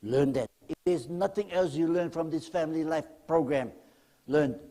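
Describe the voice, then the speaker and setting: A man preaching in church with a lively, animated voice pitched a little high. He swings from loud emphatic lines down to near-whispers and keeps asking the congregation questions. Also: fairly quick. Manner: speaks directly to the congregation with questions. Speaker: guest pastor. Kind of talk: sermon.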